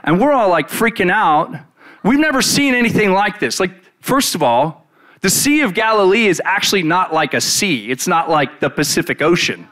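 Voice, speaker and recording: Animated man retelling a Bible story. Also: high-pitched, moderate pace. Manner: animated, casual, full of "like" fillers.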